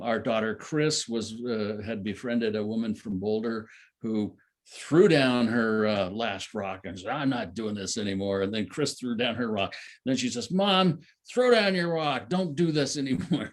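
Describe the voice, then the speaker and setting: A man's voice: lowish voice, steady tone, a little slow. An older man telling a long personal story at a satsang, rambling with many fillers and restarts. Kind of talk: casual spoken storytelling.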